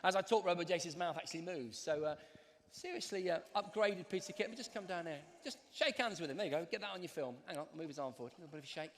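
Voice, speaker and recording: A man's voice: high-pitched, fast, slight background noise. A man presenting live on stage, teasing the audience with mock outrage. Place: large arena stage. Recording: long arena reverb.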